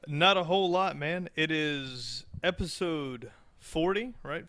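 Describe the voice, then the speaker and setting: A man's voice: on the high side, slow, few pauses, a bit bright. A man co-hosting a podcast in loose, joking chat, rambling with restarts and swearing. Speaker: podcast co-host. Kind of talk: casual chat.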